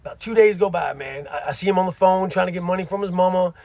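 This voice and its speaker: A man's voice: high-pitched, quick pace, creaky, a little mellow, no room sound. A middle-aged man casually telling a story from his time in prison, using street slang and frequent asides.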